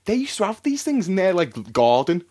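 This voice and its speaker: A man's voice: sits high, big pitch swings, moderate pace, dark tone. Chatty young man telling stories. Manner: chatty storyteller, says "mate" often. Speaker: podcast co-host. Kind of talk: casual chat.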